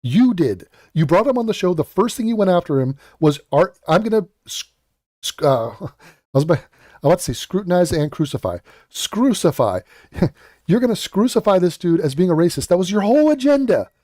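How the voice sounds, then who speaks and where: A man's voice: sits high, sing-song, brisk, warm tone, dry recording, studio quality. A man hosting a reaction commentary, sarcastic and mocking, swearing and mimicking others. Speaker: commentary host.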